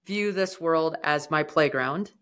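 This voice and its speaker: Bright, animated woman telling her story. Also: low voice, slow pace. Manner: animated, acts out quoted speech; casual, fillers like "like". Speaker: guest, mountaineer. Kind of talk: storytelling interview.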